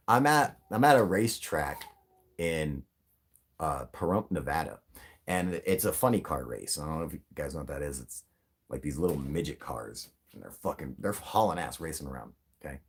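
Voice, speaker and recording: A man's voice: very deep voice, expressive, moderate pace, husky. A man hosting a live stream, telling a rambling, profane story with frequent laughter. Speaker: livestream host.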